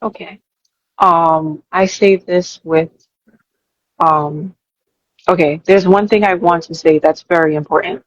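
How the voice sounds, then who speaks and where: A young woman with a lowish voice answers interview questions earnestly, circling back and restarting as she works out her thoughts. The recording is dry and somewhat dull, with little room sound. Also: steady tone, slow pace, pauses often, no room sound. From New York. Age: young adult. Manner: earnest, thinking aloud with restarts. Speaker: interview guest.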